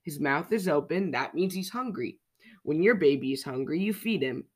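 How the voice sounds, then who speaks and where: A storyteller reading a children's story and voicing an excitable, reassuring father bird. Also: mid-range voice, moderate pace, husky. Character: proud, eager father bird.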